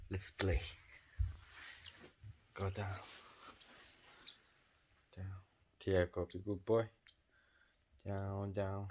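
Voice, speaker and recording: Slow-talking man coaxing his pet birds. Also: low-pitched. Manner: coaxing, gently scolding. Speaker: pet bird owner. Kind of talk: casual talk to pet birds.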